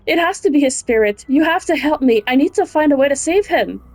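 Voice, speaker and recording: A woman's voice: high voice, animated, fairly quick, a little mellow, voice pushed up, rough recording. A woman reads a grieving, anxious young woman's game dialogue aloud in an emotional, pleading way. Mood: distraught.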